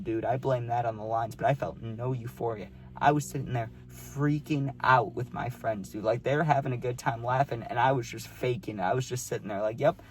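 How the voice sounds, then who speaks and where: A man's voice: medium pitch, a little mellow, husky. A young man telling a personal story to his viewers in a casual, slangy way, often saying "dude". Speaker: vlogger.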